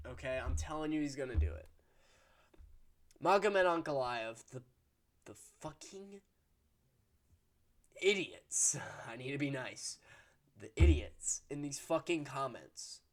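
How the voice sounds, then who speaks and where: A man's voice: medium pitch, a bit bright. Opinionated man giving fight predictions. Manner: opinionated, fired up, swears, frequent restarts. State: hiccuping. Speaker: MMA prediction channel host. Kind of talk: casual solo commentary.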